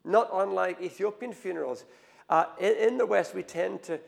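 A man preaching a sermon, telling the story with animated swings between hushed and loud delivery. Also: sits high, moderate pace, creaky. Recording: long hall reverb.

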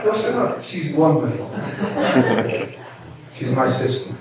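Older preacher in an echoey hall. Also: male voice, a little high, big pitch swings, slow pace, far from the mic, very noisy. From Merseyside, England. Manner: humorous, chuckling often, stop-start restarts. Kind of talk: sermon with personal stories.

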